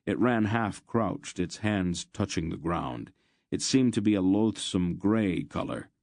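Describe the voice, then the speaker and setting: Deep-voiced male audiobook narrator. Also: lively intonation, unhurried, a little mellow, no echo, clean studio sound.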